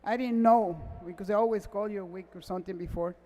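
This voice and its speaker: A man, a race car mechanic, gives a halting, emotional acceptance speech at an awards gala, close to tears and often repeating himself in non-native English. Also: high-pitched, warm tone, a little hiss or hum. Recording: echoey hall reverb.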